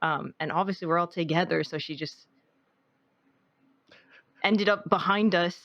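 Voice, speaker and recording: A woman's voice: on the low side, measured pace, fairly bright tone, no room sound, highs cut off. Young woman rambling through a story. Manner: rambling storytelling, heavy use of "like". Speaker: podcast co-host. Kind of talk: casual chat.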